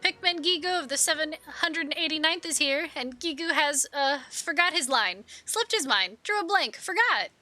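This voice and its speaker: A woman voicing an excitable, clumsy little male beastman inventor who talks in frantic exclamations. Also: high voice, moderate pace, hardly any pauses, faint music behind, voice pushed up. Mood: flustered.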